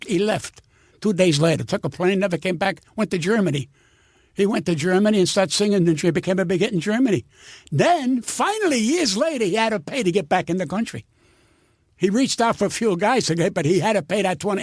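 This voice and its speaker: Older male comic, raspy high voice, dry close sound, animated profane storyteller. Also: no echo. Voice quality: gravelly, husky. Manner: profane, animated storyteller who acts out every quote. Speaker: comedian guest. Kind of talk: storytelling anecdotes.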